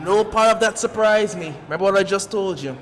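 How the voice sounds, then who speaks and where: A man's voice: sits high, brisk, fairly bright tone, big-room sound, a little hiss or hum. A man chatting casually as a football pundit, laid-back and jokey. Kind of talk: casual match chat.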